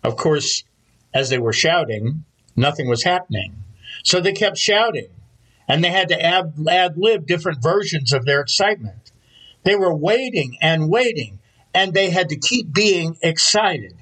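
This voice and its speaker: A man delivers a Sunday sermon from the pulpit, a pastor telling stories at an unhurried pace. His voice sits a little high for a man and carries a soft, husky edge, with a slight distance in places. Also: animated.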